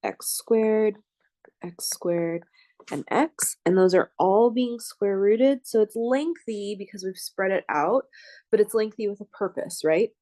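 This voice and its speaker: A woman's voice: medium pitch, unhurried, dark tone, dry recording. A woman professor explaining algebra steps aloud as she writes them out, stopping now and then to check in with her students. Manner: thinks aloud while writing, checks in with listeners. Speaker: math professor. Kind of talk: lecture working problems on a board.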